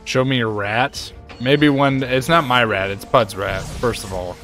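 A man streaming a game and chatting casually, ranting in an animated way and jumping to high exclaims. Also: unhurried, soft background music. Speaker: gaming streamer. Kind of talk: casual chat while playing a game.

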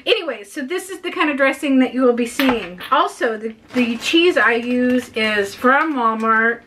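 A woman's voice: fairly high pitch, expressive, normal speed, noisy background. A woman vlogger chatting casually to camera at home, self-deprecating and laughing often.

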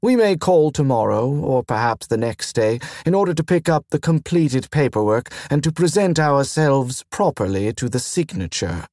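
A man playing a weary, formal gentleman. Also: mid-range voice, lively intonation, normal speed, few pauses, no echo, studio quality, natural voice.

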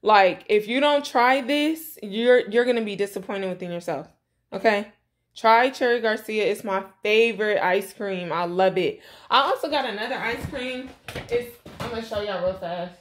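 A woman's voice: mid-range voice, normal speed. A young woman talking casually to her viewers from her home kitchen, chatty and blunt, calling them y'all. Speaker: vlogger. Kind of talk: casual grocery haul vlog. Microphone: camera mic.

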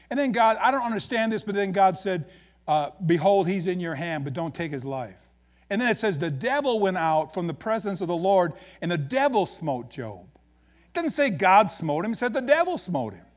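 High-voiced joking Midwestern pastor. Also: male voice, normal speed. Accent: Upper Midwest American. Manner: folksy, joking, animated storytelling. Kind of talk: sermon.

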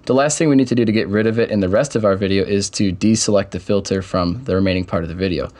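A young man casually walking through software steps in a screen-recorded tutorial, with keyboard typing behind him. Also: fairly low pitch, quick pace. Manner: step-by-step, casual explaining. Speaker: tutorial host.

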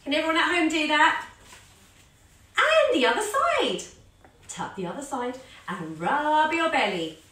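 A woman's voice: high voice, very animated, a little slow, pauses often, bright, forceful tone, far from the mic. A woman teaching a children's yoga class, telling a story as she guides the poses, playful and sing-song with animal sounds. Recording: echoey room, voice a little off-mic.

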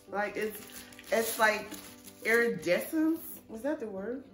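A woman chatting excitedly in a casual vlog at home, gushing over an unboxing, a little stuffy from a cold; English is not her first language. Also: on the high side, slow pace, faint music behind. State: slightly congested from a cold. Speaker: vlogger.

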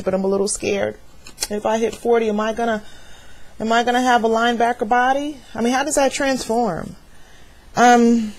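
A woman's voice: mid-range voice, poor audio. A woman in her thirties giving a blunt, profane, gossipy rundown to her camera in a casual vlog from home. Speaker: vlogger reviewing an awards show. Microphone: webcam with plugged-in microphone.

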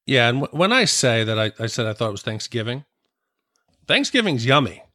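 A man in a casual podcast chat with a middle-pitched voice. He rambles along in a relaxed way with easy fillers, recorded close and dry. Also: a little fast, no room sound. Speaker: podcast co-host.

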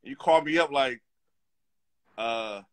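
A man's voice: mid-range voice, measured pace, a bit bright. A man as a guest in a casual chat, reminiscing in a laid-back, slangy way.

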